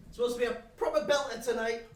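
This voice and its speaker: A man's voice: very high-pitched, fairly even intonation, racing, a little hiss or hum. A young man with a Geordie accent acting a brash, crude pub regular in a one-man live stage show, rambling and swearing as he banters cheekily with the audience. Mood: cheeky. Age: young adult. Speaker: stage actor. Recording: roomy stage sound from far off with audience. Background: audience laughing.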